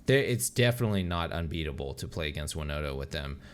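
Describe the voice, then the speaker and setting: A man co-hosting a podcast in casual chat, excitable, swearing a lot and laughing often. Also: very deep voice, fast, smooth. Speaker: podcast co-host.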